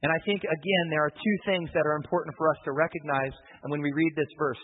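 A man's voice: on the high side, steady tone, quick pace, slight background noise. A man preaching a sermon, conversational and checking in with his listeners. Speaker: pastor. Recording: phone-like, long reverb hall.

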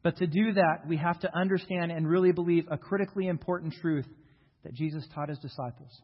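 High-voiced American pastor preaching in a hall. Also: male voice, husky. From United States. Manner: earnest, emphatic preaching with slow stressed phrases. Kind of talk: sermon. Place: church sanctuary. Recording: reverberant hall, dull lo-fi sound.

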